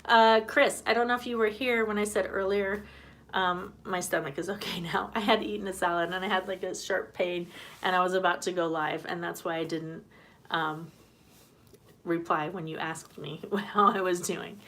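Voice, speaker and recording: A woman's voice: fairly low pitch, steady tone, moderate pace, fairly bright tone. Chatty woman hosting a live stream. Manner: chatty, rambling, greets viewers from the comments; laughs easily. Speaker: homesteading channel host. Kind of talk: casual live-stream chat.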